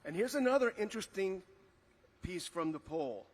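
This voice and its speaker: Middle-aged man, slightly higher voice, rally speaker outdoors, emphatic delivery with fillers. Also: expressive, normal speed. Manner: emphatic, repeats key figures, frequent uh fillers. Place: outdoor rally on a memorial ground.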